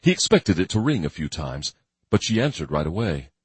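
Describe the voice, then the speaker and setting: A man giving steady, grim scripted narration of a thriller audiobook. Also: low voice, a little fast, slightly rough, no echo.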